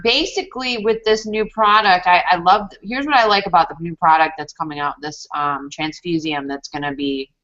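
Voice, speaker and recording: A woman's voice: on the low side, fairly bright tone. A woman talking casually about a new product on a group call, chatty, with many fillers. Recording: dull lo-fi call audio.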